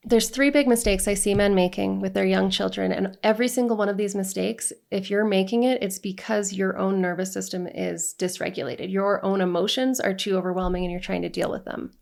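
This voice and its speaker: Brief: female divorce coach, earnest and direct, a bit of vocal fry. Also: medium pitch, fairly even intonation, brisk, few pauses, darkish tone. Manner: earnest, repeats "right?" and lists emotions in long runs. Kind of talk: direct-to-camera coaching talk.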